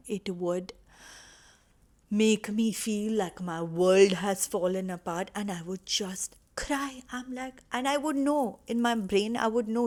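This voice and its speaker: A woman's voice: medium pitch, takes it slowly, a little mellow. A woman talking to camera, earnest and reassuring as she shares personal advice. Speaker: vlogger sharing personal healing advice. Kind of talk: casual heartfelt talk to camera.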